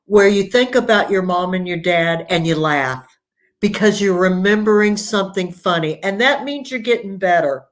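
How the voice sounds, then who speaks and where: Woman author on a video call chat, tells stories warmly, lots of restarts. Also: medium pitch, normal speed. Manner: warm storytelling with restarts. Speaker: author, guest. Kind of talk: casual interview conversation.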